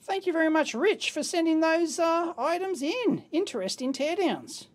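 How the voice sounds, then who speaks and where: An Australian man hosting a casual unboxing and teardown, chatty and excitable, full of slang and quick asides. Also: extremely high pitch. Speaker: host.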